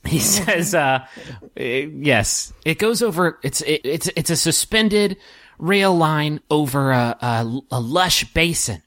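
A man with a slightly higher-than-average voice reads podcast announcements in a relaxed, self-mocking way, then shifts into narrating a tabletop adventure as its game master. He often stops to comment on his own delivery. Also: takes it slowly.

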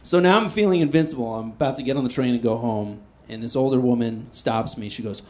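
A man performing stand-up, telling a story in a self-deprecating, animated way and swinging between loud outbursts and hushed asides. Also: medium pitch, fast, hardly any pauses. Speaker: stand-up comedian.

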